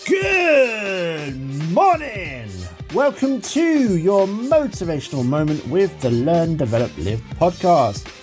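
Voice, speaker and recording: A woman with a low voice and a lot of swing in her intonation reads a scripted podcast introduction. She sounds polite and grateful, with soft music playing underneath. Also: big pitch swings, slow. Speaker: podcast host.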